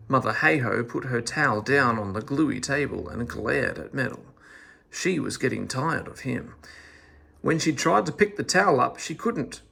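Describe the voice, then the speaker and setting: A man reading a children's story aloud in an expressive, animated storytelling manner. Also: mid-range voice, normal speed, vocal fry, slightly rough.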